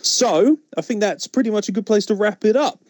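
A man's voice: sits high, animated, a little fast, dry recording, clean studio sound. A man hosting a casual wrestling podcast, joking and chatty. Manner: joking, mock wrestling promo bits. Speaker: podcast host.

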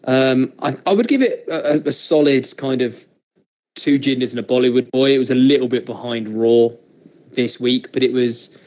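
A man's voice: mid-range voice, normal speed, a little mellow. A man co-hosting a casual chat podcast who talks in a laid-back way, with restarts. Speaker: podcast co-host.

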